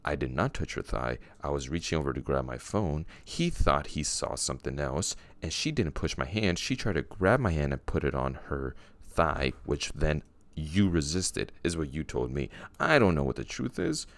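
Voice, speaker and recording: A man hosting a casual podcast, recapping a story in a teasing, deliberate way. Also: extremely low pitch, lively intonation, no room sound. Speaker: podcast host.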